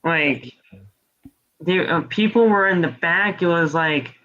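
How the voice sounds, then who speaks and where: A man co-hosting a podcast, casually recapping a wrestling show with rambling play-by-play and quick impressions. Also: a little high, sharp tone, lo-fi sound. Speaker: podcast co-host.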